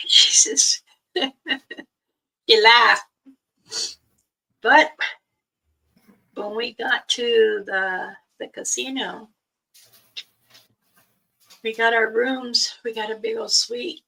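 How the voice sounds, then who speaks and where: A middle-aged woman hosts a livestream and spins stories in a relaxed, unhurried chat, acting out the voices of the people in them with a laugh never far away. Her tone is bright and sharp, and she sits back from the mic, so she sounds a little distant. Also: medium pitch, creaky. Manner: animated, acts out quoted dialogue, laughs often. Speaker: livestream host. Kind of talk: casual storytelling chat.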